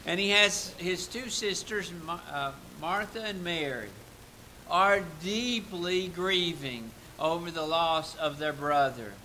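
A man delivers a sermon in a high, very bright voice, unhurried and deliberate. He builds to emphatic peaks, then falls quiet and reflective. A faint hiss sits under the recording. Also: poor audio. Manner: earnest, rising to emphatic peaks and dropping to soft reflective asides. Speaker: preacher.

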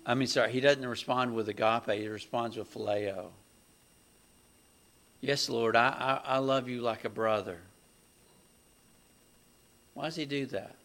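A man preaching a sermon, talking slowly and deliberately and building to loud, raised passages. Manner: slow, deliberate preaching that swells loud and high at its climaxes.

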